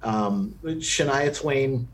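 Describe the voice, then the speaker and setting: Man, podcast co-host, casual film review, opinionated, frequent ums and restarts, mid pitch. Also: drawn-out words.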